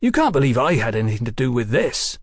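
A man puts on a flustered Victorian scientist, raised and anxious, blurting his words in wounded indignation. The voice is middle-pitched and recorded dry and close. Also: sing-song, quick pace, breathy edge, dry recording. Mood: agitated.

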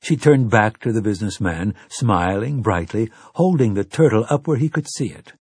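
Husky man, audiobook narration, measured storytelling, dry close sound. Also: lowish voice, lively intonation, darkish tone, no echo. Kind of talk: scripted narration.

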